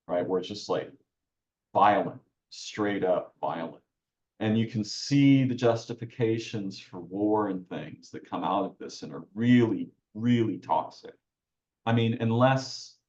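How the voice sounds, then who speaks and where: A man's voice: fairly low pitch, darkish tone, roomy sound, muffled recording. A man talking as a podcast guest, reflective and searching, often restarting his phrases mid-thought. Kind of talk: reflective conversational talk.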